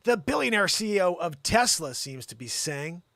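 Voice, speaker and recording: Animated bright-voiced comedy host. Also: male voice, sits high, moderate pace, vocal fry, no echo, studio quality. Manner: animated, excitable, swearing, asides to co-host. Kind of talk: comedic news reading and rant.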